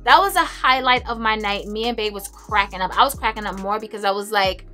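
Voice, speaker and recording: A young woman chatting casually to camera about her favorite fragrances, expressive and laughing often. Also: mid-range voice, fairly quick, soft background music. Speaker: beauty and fragrance vlogger.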